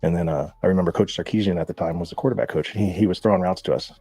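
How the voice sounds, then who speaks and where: Fast-talking man swearing through his stories. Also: low voice, breathy edge, no room sound. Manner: profane, animated anecdotes with laughs. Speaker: guest. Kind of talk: casual storytelling.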